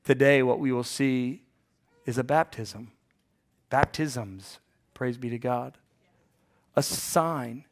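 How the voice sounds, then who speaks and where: Hoarse man, forties, pastor, sermon, jokey asides, loud emphatic peaks. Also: mid-range voice. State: hoarse from bronchitis.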